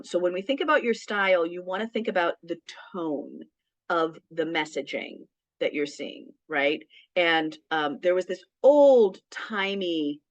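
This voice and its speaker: A woman's voice: lowish voice, dry recording. A woman presenting a casual small business workshop, talking conversationally with frequent ums and "right?" tag questions. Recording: dull, dry lo-fi sound.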